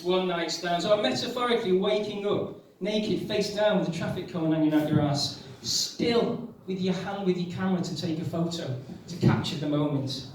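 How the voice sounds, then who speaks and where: A man's voice: high-pitched, moderate pace, hardly any pauses. A man doing a stand-up set in a pub, telling self-mocking stories in a conversational way. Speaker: stand-up comedian. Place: pub venue with audience. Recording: distant mic, loud room echo, faint noise.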